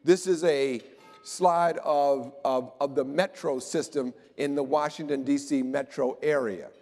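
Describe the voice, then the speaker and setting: A man giving an animated, joking conference talk about slides to a live audience. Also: medium pitch, measured pace, soft background music. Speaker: keynote speaker. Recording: long hall reverb.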